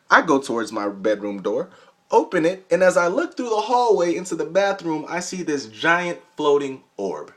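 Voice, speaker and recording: Lively young man telling a wild tale. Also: a little high, moderate pace. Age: young adult. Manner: animated, jokey, conspiratorial. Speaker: vlogger. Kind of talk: comedic storytelling vlog.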